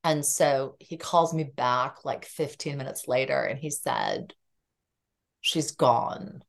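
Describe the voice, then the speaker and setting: A woman with a notably low, deep voice talks openly about her own life as a guest on a podcast. She tells it vividly and acts out what others said, switching into their voices as she goes. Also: unhurried, gravelly. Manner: animated, acts out quoted dialogue. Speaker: psychotherapist guest. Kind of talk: candid personal storytelling in conversation.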